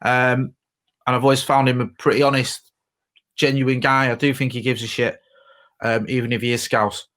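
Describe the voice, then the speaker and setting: A man's voice: medium pitch, level tone, normal speed, a bit bright. A man, co-hosting a casual podcast and telling stories in a chatty way, swearing freely. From Greater Manchester, England. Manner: chatty storyteller, swears freely, laughs often. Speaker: podcast co-host, former reporter.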